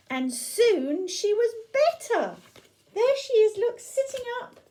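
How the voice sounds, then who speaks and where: Reading a picture book to children, an older woman with a high voice and a dark tone asks them questions and points at the pictures as she goes. She is a storyteller grandmother, and the audio quality is poor.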